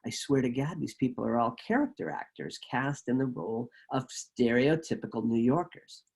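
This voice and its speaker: A man voicing his girlfriend, a young woman making a wry aside in his own gravelly voice. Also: mid-range voice, expressive, normal speed, darkish tone.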